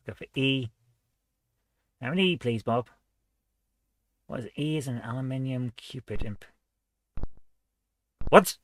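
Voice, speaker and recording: A man's voice: medium pitch, slow pace, long pauses, fairly bright tone, dry recording. A man hosting a retro gaming channel, reading quiz questions aloud and chatting casually as he guesses the answers. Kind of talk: casual let's-play commentary.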